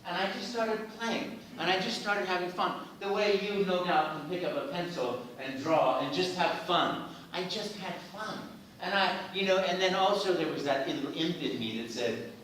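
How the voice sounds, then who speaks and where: A man shares stories at a fan event, with expressive, animated delivery and plenty of "you know." His voice sits a touch high and sounds bright. The mic is far off in a reverberant hall with faint ambience behind him. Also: normal speed, slight background noise. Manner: expressive, frequent "you know" fillers, acts out quotes. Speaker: voice actor guest at a fan event. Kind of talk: animated storytelling. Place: large indoor venue.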